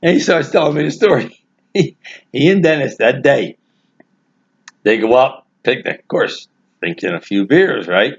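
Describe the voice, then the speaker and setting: A man casually telling a family anecdote, animated and laughing through his own story. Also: medium pitch, normal speed, long pauses. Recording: dull lo-fi recording.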